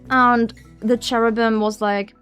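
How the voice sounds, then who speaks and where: A woman streamer chatting casually during a game, talking slowly with lots of repeated words and giggles. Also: on the high side, little pitch movement, a bit bright, clear, resonant tone, soft background music.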